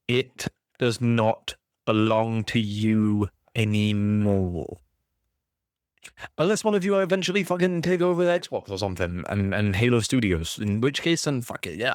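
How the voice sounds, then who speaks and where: A man's voice: mid-range voice, no echo, studio quality. A man ranting about a video game series he loves, swearing constantly in an exasperated, passionate way. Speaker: gaming YouTuber.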